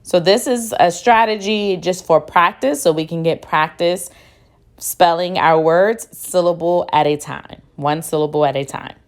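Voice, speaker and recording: Slow, low-voiced woman teaching phonics. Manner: sounds out words syllable by syllable, patient. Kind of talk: phonics lesson, slow and deliberate.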